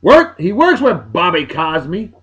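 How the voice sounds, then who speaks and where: Lively high-voiced New man. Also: takes it slowly, highs cut off. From Massachusetts, USA. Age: 40s. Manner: chatty, playful asides, upbeat. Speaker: video show host. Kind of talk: casual birthday shout-outs.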